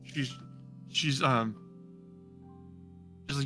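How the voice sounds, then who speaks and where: A man running a tabletop game as game master, his voice bright and clear. He narrates loosely and relaxed, full of ums. Faint music is in the background. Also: medium pitch, fairly quick. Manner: relaxed, with many fillers.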